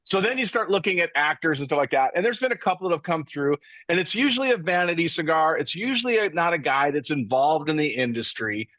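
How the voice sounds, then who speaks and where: Enthusiastic male host, animated bright voice, casual chat, dry close sound. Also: on the high side, quick pace, few pauses, no echo. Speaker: podcast host.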